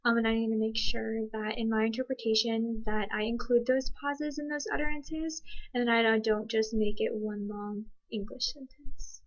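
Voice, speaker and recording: A woman giving thoughtful, hesitant commentary on a signed video, pausing often with ums. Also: on the high side, steady tone, dull audio. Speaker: interpreting student.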